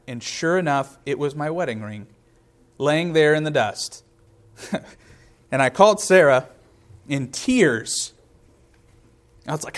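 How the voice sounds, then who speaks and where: A man's voice: fairly high pitch, expressive, moderate pace. A man in his thirties preaching a sermon in a conversational way, telling personal stories. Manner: conversational, storytelling with personal anecdotes. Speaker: pastor.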